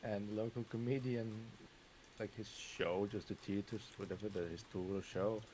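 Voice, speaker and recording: A Dutch man with a lowish, dark, mellow voice tells rambling stories in casual chat while gaming. He pauses often with fillers and little laughs. A faint hiss of noise sits behind him. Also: fairly even intonation, poor audio. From Netherlands. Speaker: Minecraft streamer's guest or co-player.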